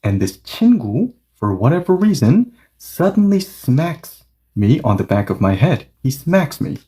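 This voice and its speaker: A male language teacher walks through a grammar point, his voice warm and mellow yet swinging up and down as he acts out little example lines. He peppers the explanation with "okay" and "yes" asides. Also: a little high, very animated, moderate pace.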